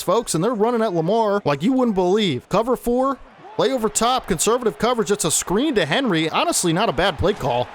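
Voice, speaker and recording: A man commentating his own football video game play-by-play, excitable and talking straight to viewers. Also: fairly high pitch, a little hiss or hum. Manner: excitable, talks to viewers as folks. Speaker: gaming commentator.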